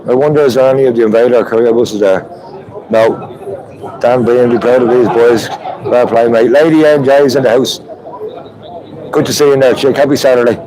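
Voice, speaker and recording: Medium-pitched and fairly even, an Irish-accented man speaks at normal speed with long pauses on poor audio. He's the host of a live stream from an outdoor street protest with trucks, chatting to viewers as crowd and vehicles sound behind him.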